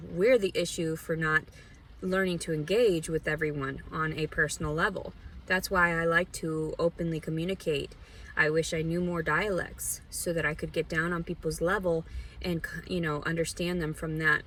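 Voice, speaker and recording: A woman's voice: lowish voice, a bit bright, recorded from a distance, slight background noise. A woman talking to camera in a meandering personal monologue, frank and blunt, often restarting her sentences. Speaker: vlogger.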